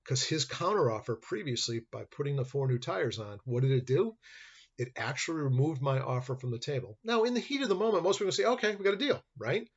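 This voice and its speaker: A man's voice: medium pitch, very animated, fairly quick, husky. A man, a law professor, giving a conversational lecture and acting out little dialogues from his examples. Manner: acts out dialogue in hypotheticals, conversational. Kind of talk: recorded classroom lecture. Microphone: computer webcam mic. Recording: dull lo-fi webcam recording.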